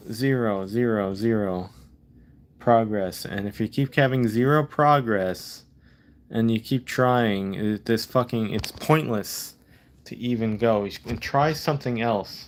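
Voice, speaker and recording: A low-voiced man venting in a rambling, casual vlog monologue. He curses often and repeats himself, worn out and fed up. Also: darkish tone. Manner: frustrated, profane, rambling. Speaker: vlogger.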